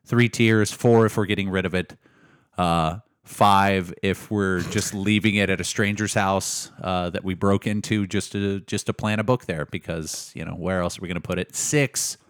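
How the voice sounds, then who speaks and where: A man's voice: deep voice, fairly even intonation, moderate pace, smooth, no echo, studio quality. A man co-hosting a book podcast, chatting casually in a joking, rambling way. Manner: joking, rambling, self-interrupting. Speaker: podcast co-host. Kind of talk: casual chat.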